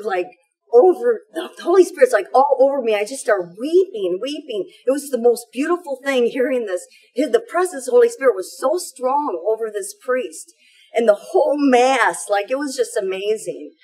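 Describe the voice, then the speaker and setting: A middle-aged woman gives a heartfelt personal testimony. Her voice sits a little high and is husky. She rushes through her story with fervor, piling on fillers as she goes. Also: darkish tone, poor audio. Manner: fervent, tumbling storytelling with many fillers. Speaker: parishioner giving a testimonial.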